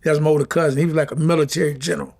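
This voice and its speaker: A middle-aged man talks quickly and earnestly in a casual interview. His voice is gravelly and sits a little high for a man. He circles back over his words as he goes. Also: fairly even intonation, darkish tone. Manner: heartfelt, drawn-out, repeats himself. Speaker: former boxing champion, guest.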